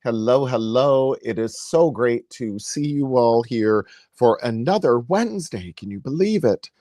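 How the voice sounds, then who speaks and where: A cheerful man hosts a sewing lesson live from his sewing room, talking in a loose, upbeat way with plenty of "uh"s and little laughs. His voice is mid-pitched. The sound is dry and close, with no room echo. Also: expressive, measured pace, mellow. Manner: chatty and upbeat, laughs often, many fillers. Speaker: sewing educator and live-stream host. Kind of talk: casual live-stream demonstration. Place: home sewing room, indoors.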